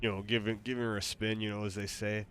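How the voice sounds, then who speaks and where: Man, very low voice, game streamer, playful, halting, faint background hiss. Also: little pitch movement, fairly bright tone. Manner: playful, halting, lots of fillers. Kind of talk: casual stream chat.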